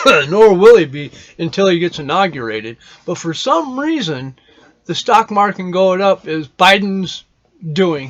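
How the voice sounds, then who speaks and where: A man's voice: a little high, fairly bright tone, lo-fi sound. A man hosting a casual show, rambling through opinions in a loose monologue, swearing often and restarting his sentences. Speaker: podcast host.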